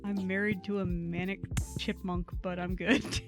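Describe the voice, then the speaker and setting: A woman co-hosting a casual game stream, animated and prone to giggles. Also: on the low side, a little slow, music in the background. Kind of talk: casual let's-play chat.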